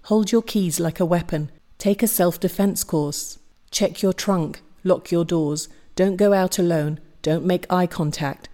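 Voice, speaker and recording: A woman's voice: lowish voice, mellow. Woman reciting a rhythmic spoken-word piece. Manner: rhythmic, insistent listing of commands. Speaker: podcast host.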